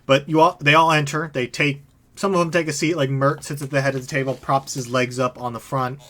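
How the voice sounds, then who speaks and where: A man's voice: mid-range voice, flat delivery, brisk, bright, forceful tone. Casual young man game master. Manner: casual, filler-heavy, with lots of "like". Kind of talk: narrating a tabletop game.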